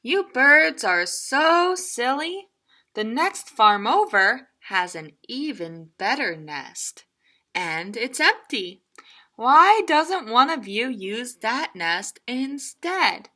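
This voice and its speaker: A woman voicing a hungry farm boy in a storybook reading, yelling and scolding. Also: a little high, sing-song, slow, voice pushed up, heavily acted. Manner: shouting, then scolding.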